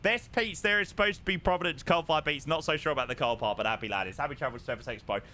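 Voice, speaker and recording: A man's voice: fairly high pitch, rapid-fire, bright, forceful tone, slight background noise. A young man chatting casually on a live flight sim stream, greeting viewers, reading chat aloud and humming to himself.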